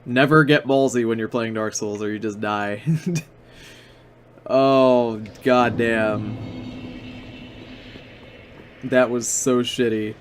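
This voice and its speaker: A man commenting on his own game session, sarcastic and quick to swear when he loses. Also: mid-range voice, steady tone, a little hiss or hum. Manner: swearing, sarcastic, easily frustrated. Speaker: gaming channel host. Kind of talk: let's play commentary.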